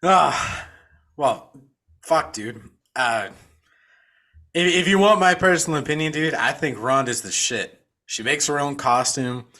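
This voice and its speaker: A man's voice: a little high, unhurried, sharp tone. A man co-hosting a podcast, giving his laid-back, profane take on a horror movie and calling his friends "dude". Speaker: podcast co-host. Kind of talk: casual movie review chat.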